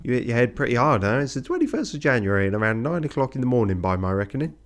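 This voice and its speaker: A man's voice: medium pitch, very animated, very fast. A man voicing a chatty male fisherman who talks in a breezy, blunt way.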